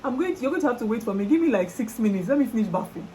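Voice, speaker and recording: A Nigerian woman voicing her hurried, apologetic neighbor with a Nigerian accent. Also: on the high side, expressive, warm tone, slight background noise, pitched above the performer's own voice, lightly acted, poor audio. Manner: apologetic and rushed.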